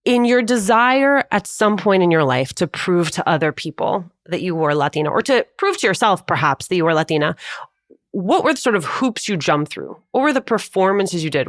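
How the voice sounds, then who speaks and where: A woman podcast host asking interview questions in a measured, thoughtful way. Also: fairly low pitch, lively intonation, no room sound, studio quality.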